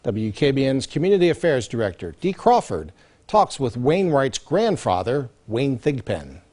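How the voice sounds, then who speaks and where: A man's voice: medium pitch, very animated, moderate pace, darkish tone. A man, a news anchor, reading the introduction to an interview segment.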